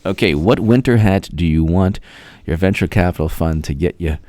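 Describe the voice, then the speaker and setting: Low-voiced man chatting on a livestream. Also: normal speed, dark tone, no room sound. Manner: rambling, reads out viewer names, draws out names in sing-song. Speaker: political commentary host. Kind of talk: casual livestream chat.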